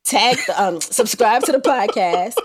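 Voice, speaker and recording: A woman's voice: a little high, a little slow, breathy edge. Chatty New York woman with a cold. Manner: laughing, chatty, playful. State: has a cold. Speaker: podcast co-host. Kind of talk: casual chat.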